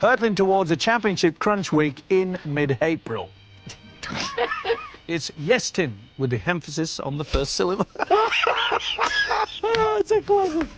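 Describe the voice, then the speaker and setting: Lively cheeky male pundit. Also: high-pitched, a little slow, pauses often, soft background music.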